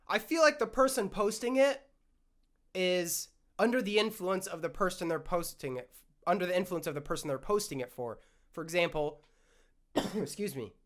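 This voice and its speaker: A young man vents alone into his podcast mic, worked up and swearing as he goes. His throat is scratchy, giving the rant a rough edge. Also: high voice, a bit bright. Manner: worked-up, ranting, swears often. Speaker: podcast host. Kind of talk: solo ranting monologue.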